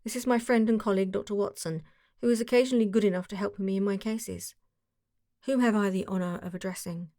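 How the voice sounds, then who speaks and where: A woman reading the part of a self-assured male detective, brisk and dry. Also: medium pitch, fairly even intonation, dark tone, no room sound, close to an everyday voice. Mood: dry, cool.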